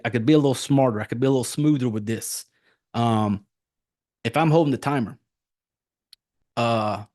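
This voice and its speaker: A man talks casually on a podcast, his delivery loose and rambling, with swearing scattered through it. His voice sits at an ordinary middle pitch, but when something worked him up he jumps sharply higher. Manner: rambling, profane, animated retelling with sudden high-pitched jumps. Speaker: podcast host reviewing a horror film.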